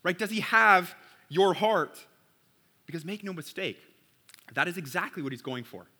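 A pastor preaches to his congregation in a relaxed, conversational style, repeatedly checking in with "right?". His high voice is animated and pushed, bright and slightly rough, at a normal speed.

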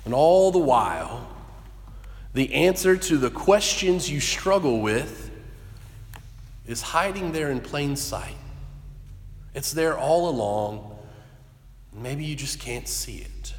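Earnest pastor preaching in an echoey hall. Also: male voice, medium pitch, lively intonation, slight background noise. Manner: earnest, halting storytelling with restarts. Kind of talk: sermon. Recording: echoey hall with long reverb.

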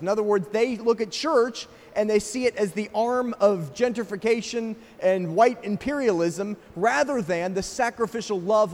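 High-voiced preacher in a reverberant church. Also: male voice, darkish tone. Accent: slight South African. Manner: emphatic, with rhetorical questions to the congregation. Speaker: pastor. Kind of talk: sermon. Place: church sanctuary.

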